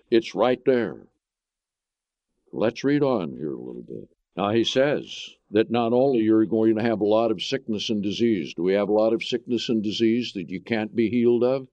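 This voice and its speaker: A man's voice: on the low side, a little mellow, no room sound. A man preaching a sermon, emphatic and full of rhetorical questions. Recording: dull lo-fi recording.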